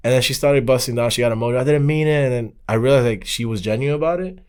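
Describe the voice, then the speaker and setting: A man's voice: medium pitch, racing, clean tone. A man guest on a podcast, telling a long story in casual talk and acting out the dialogue. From Miami. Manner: animated, acts out quoted dialogue.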